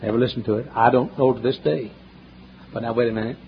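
A man preaching a sermon, telling folksy stories and swinging between loud emphatic questions and hushed asides, in a church. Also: medium pitch, fairly even intonation, fast, creaky, slight background noise. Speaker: pastor. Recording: dull lo-fi sermon recording, faint ambience.

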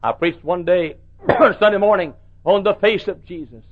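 Middle-aged man, pastor preaching from the pulpit, fairly high voice, dull old recording. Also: moderate pace. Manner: preaching with big swings from soft to shouted. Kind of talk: sermon.

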